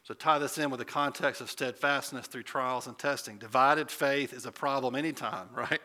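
A pastor delivers a sermon in a relaxed, conversational way. His voice is very bright and forceful. He rises to loud, emphatic peaks. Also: mid-range voice, normal speed.

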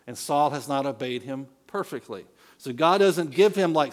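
A man in his thirties, a pastor, delivering a conversational sermon with personal stories and frequent check-ins with the congregation. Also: a little high. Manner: conversational storytelling, frequent "okay?" and "right?".

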